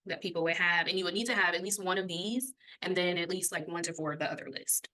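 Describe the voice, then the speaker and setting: Bright-voiced chatty woman podcast host. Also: lowish voice, fast, poor audio. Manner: chatty, laughs often, gets out of breath when excited. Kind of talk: casual chat explaining a health topic.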